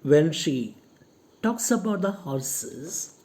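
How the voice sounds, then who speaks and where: Brief: unhurried teacher, soft mellow tone, retells scenes in plain words. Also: mid-range voice, animated. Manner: slow, repetitive paraphrase of each line. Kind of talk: explaining a play to a class.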